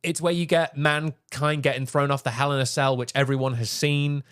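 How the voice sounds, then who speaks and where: A man's voice: medium pitch, steady tone, moderate pace, a bit bright, clean tone. A man, co-hosting a podcast in casual chat. He talks with enthusiasm, laughs often and swears freely. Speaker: podcast co-host.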